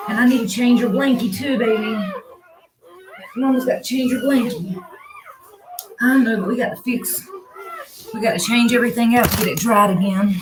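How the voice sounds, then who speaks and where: A young woman, tired from being up all night, talking softly and coaxing her dog while giving casual running commentary at home. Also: fairly high pitch, noisy background. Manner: soft, coaxing talk to the dog. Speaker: pet rescuer filming her dog giving birth. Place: room at home with whelping dog. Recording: roomy, distant home recording.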